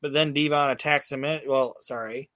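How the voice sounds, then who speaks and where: A man hosts a laid-back podcast, recapping events in a loose, rambling way full of swearing, fillers and false starts. His voice sits at an ordinary pitch and is recorded dry and close. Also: steady tone, normal speed, a bit bright, no room sound. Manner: rambling, profane storytelling with many fillers and restarts. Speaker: podcast host. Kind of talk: casual recap chat.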